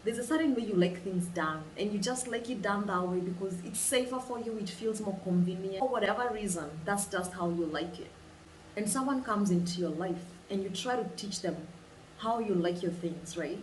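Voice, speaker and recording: A woman leading a guided imagination exercise, telling it in an animated way and repeating phrases for emphasis. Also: medium pitch, normal speed, slight background noise. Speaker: vlogger. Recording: roomy sound, distant mic, faint ambience.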